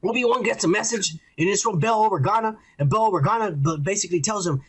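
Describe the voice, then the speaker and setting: A man's voice: high-pitched, fast, hardly any pauses, a bit bright, husky, rough recording. A podcast host, a man, ranting and swearing through a casual review chat while drinking, laughing often.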